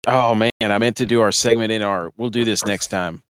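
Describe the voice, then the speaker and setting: A man's voice: fairly low pitch, fairly even intonation, brisk, a bit bright, slight background noise, low-quality recording. A man co-hosting a sports podcast in casual, joking chat, laughing often. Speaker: podcast co-host.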